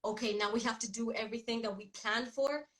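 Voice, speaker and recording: A woman's voice: a little high, steady tone, fairly bright tone, rough recording. Upbeat chatty woman with a morning voice. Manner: upbeat, chatty, quick to laugh. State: groggy morning voice. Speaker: rapper guest. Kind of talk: casual video-call interview.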